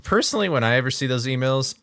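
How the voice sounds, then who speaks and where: A man's voice: mid-range voice, expressive, racing, a bit bright, smooth, dry recording, studio quality. A man co-hosting a podcast in casual chat, teasing and joking with the others. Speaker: podcast co-host.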